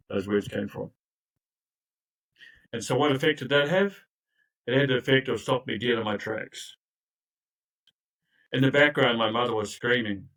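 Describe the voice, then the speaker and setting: In a low-quality recording, an older recovery coach with a mid-range, fairly bright voice shares his personal story. His delivery is earnest and emphatic, full of restarts and side remarks.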